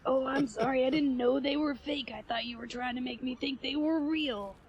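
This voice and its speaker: A woman's voice: sits high, steady tone, normal speed, a little mellow, muffled recording, natural voice. A woman voicing a cranky old man in a tabletop game, blunt and indignant. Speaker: player. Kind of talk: tabletop role-play, in character.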